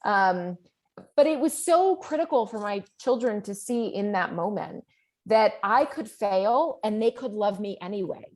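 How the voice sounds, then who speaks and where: A middle-aged woman speaks openly as a guest author, telling a personal story with lots of animated, rambling energy. Her voice sits in an ordinary middle register for a woman, and she often stops for fillers. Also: mid-range voice, a little slow. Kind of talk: conversational interview.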